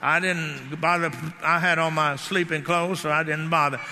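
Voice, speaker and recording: A man preaching a sermon, telling animated stories and shouting declarations. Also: fairly high pitch, moderate pace, a little hiss or hum. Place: church hall. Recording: hall reverb.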